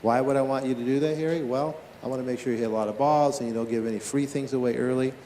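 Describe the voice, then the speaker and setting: A mid-range male voice coaches tennis live on court, energetically quizzing players and observing coaches. The sound is roomy, with a light hiss or hum underneath.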